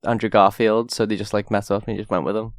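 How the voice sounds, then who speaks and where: A man hosting a relaxed chat, mostly reacting briefly and laughing along. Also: on the low side, fast talker, no echo, studio quality. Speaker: podcast host. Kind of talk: casual chat.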